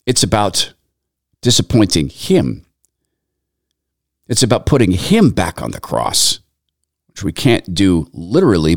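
A man's voice: deep voice, gravelly, dry recording, studio quality. A man giving sermon-like commentary in an earnest tone, reciting scripture in long lists. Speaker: Christian commentator.

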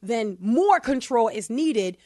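A woman hosting a podcast, talking through survey data with sarcastic asides, speeding up and then slowing down for emphasis. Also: a little high, no echo, clean studio sound. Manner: animated, sarcastic asides, quick bursts then slow emphasis. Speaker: podcast host. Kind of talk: casual opinion podcast talk.

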